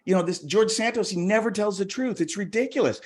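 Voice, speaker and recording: Pitched high and brisk, this man's voice carries a stand-up comedy set performed over a video call for a virtual show. He's chatty and rambling, keeps interrupting and restarting himself, and slips into put-on voices.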